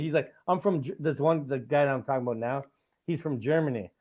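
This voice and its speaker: A man's voice: fairly high pitch, fast, phone-quality sound. A man hosting a casual podcast. He rambles, fills his talk with "like" and laughs often. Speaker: podcast host.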